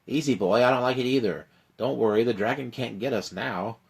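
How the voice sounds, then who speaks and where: A man's voice: mid-range voice, a little fast, creaky, breathy edge. A man voicing an elf adventurer soothing his mule. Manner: soothing, reassuring.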